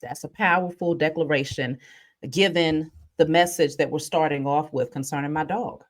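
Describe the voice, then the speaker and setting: A woman with a fairly low voice talks casually through a spiritual reading. She slips into lively, animated storytelling and speaks directly to her viewers. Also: normal speed. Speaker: spiritual reader. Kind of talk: casual spiritual vlog talk.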